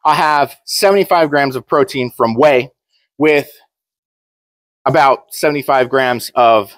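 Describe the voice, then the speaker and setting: A man's voice: medium pitch, a little slow, fairly bright tone, no room sound. A young man talking casually to camera, blunt and joking, rambling with frequent restarts. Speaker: powerlifter vlogger.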